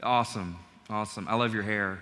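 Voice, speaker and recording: Man, middle-aged, pastor, conversational sermon, bright tone, long church reverb. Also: lowish voice, fairly even intonation, brisk. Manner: warm, conversational, joking with congregation. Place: large church sanctuary.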